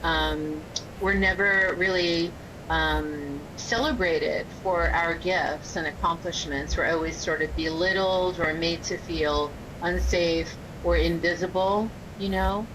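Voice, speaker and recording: A woman with a lowish voice speaks as a podcast guest, measured and methodical, stringing terms together one after another. A loud low rumble sits under the recording throughout. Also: steady tone. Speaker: guest, energy healer and spiritual coach. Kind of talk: casual podcast interview.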